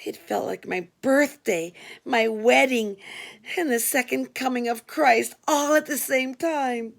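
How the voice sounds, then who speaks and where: A woman reading a novel aloud in an expressive way, doing voices for the characters. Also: a little high, slow, gravelly. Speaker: audiobook reader.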